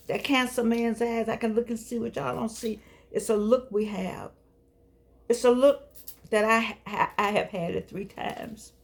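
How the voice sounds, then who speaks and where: A woman's voice: medium pitch, gravelly, darkish tone. An older woman hosting her own show, talking to her audience in a fussing, encouraging, preachy way. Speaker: show host. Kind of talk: casual talk to camera.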